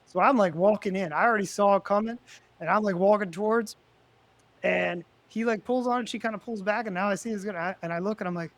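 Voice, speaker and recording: High-voiced man telling animated stories. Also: quick pace, no room sound. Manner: animated storyteller, loud and high when retelling confrontations. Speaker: podcast co-host. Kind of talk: casual podcast banter and storytelling.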